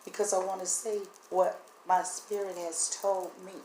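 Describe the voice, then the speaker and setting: In an echoey room with a faint hum in the background, a woman describes spiritual impressions to her camera, tearful and halting. Her voice is low, level and dark, and it breaks as emotion catches her words.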